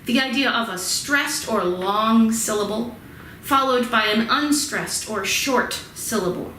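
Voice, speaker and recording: A woman's voice: on the high side, unhurried, bright, forceful tone, a little hiss or hum. Chatty woman lecturing in an echoey room. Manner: chatty, demonstrates rhythms by chanting and singing. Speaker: music history instructor. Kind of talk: recorded lecture. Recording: echoey room with faint ambience.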